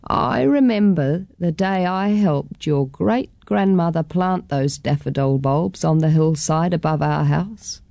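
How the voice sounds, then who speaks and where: A woman doing a gentle, nostalgic grandmother. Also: low-pitched, gravelly, no room sound. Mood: reminiscing. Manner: slow, soft, reminiscing.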